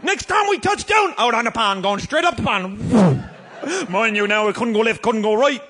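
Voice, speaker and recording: A high-voiced man with a thick Newfoundland accent spins a rollicking comic yarn on stage, his pitch leaping all over the place. His tone is bright and sharp, and he shouts and laughs through the telling. Faint room noise sits behind him. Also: expressive, normal speed. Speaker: storyteller. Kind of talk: comic tall-tale monologue on a live album.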